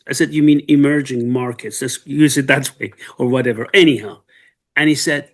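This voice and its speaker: A man interviewing a professor, telling a story in a conversational, animated way with frequent laughter; he is not an English speaker. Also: mid-range voice, moderate pace, gravelly. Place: Germany.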